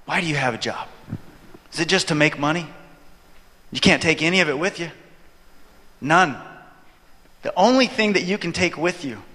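Male preacher, storytelling sermon, bright forceful voice, slightly high, long hall echo. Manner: animated storyteller, acts out his own reactions.

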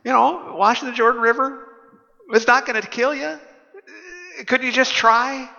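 Preacher putting on pleading servants, pitched high and bright, echoing hall. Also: male voice, steady tone, moderate pace, vocal fry, full character voice. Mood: coaxing. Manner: pleading, coaxing. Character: coaxing humble male servants. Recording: dull echoey hall.

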